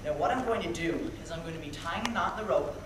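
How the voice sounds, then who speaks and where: Speaking fast in a fairly high voice, a man entertains a young camp audience with a playful, jokey magic act, talking with the kids and summoning volunteers. The sound is distant and echoey, with heavy crowd noise.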